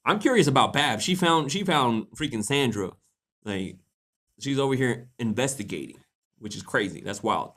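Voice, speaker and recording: Young male streamer, mid-pitched, loose and animated, laughs a lot, casual swearing. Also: normal speed. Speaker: host reading posts on a livestream. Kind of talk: casual livestream chat.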